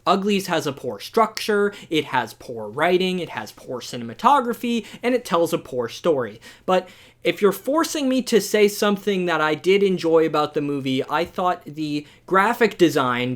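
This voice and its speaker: Sarcastic, exasperated young movie reviewer. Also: medium pitch. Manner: rapid rhetorical questions. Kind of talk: ranting video review commentary.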